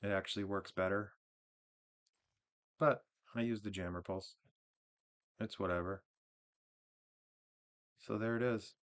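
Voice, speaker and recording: Male gaming host, low voice, relaxed rambling walkthrough, off-the-cuff delivery. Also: unhurried, long pauses. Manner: relaxed, rambling, with frequent restarts and fillers. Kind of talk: casual game build walkthrough.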